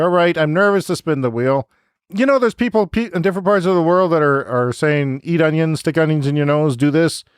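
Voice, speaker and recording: A man hosting a comedy podcast, rambling in a self-mocking, excitable way and laughing often. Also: a little high, no room sound, clean studio sound.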